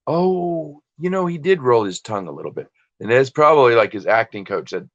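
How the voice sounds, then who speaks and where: A man's voice: mid-range voice, sing-song, a little fast, hardly any pauses, no echo, highs cut off. A man hosting a casual livestream while listing items for sale, rambling and self-deprecating as he chats with viewers. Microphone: desktop computer and phone.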